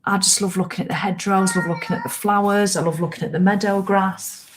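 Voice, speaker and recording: A woman's voice: medium pitch, steady tone, fast talker, noisy background. A woman hosting a casual live walking-challenge chat, encouraging viewers in a chatty way and acting out their grumbles. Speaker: host of a walking challenge livestream.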